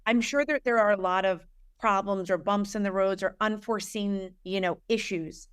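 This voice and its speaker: Woman host, smooth clear voice, mid pitch, frank and chatty, rewords her questions. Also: moderate pace. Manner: frank, conversational, rephrases questions as she goes. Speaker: podcast host. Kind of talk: casual interview chat.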